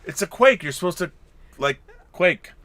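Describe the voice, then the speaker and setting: Animated bright-voiced man reading super chats. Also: high-pitched, moderate pace. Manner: animated, jokey, stumbling restarts. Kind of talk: casual tipsy chat on a live stream.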